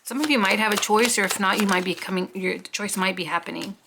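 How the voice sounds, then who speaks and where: A woman's voice: mid-range voice, fast talker, noisy background. A woman giving a casual tarot reading, chatty and rambling, often talking to herself and swearing offhandedly. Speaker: tarot reader.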